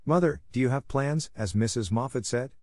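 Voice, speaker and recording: A man's voice: mid-range voice, normal speed, darkish tone, no echo, studio quality, pitched above the performer's own voice, close to an everyday voice. A man voicing an earnest, bashful young woman in a storybook reading, raising his voice for her. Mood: confiding. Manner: bashful, self-reproachful. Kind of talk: audiobook character reading.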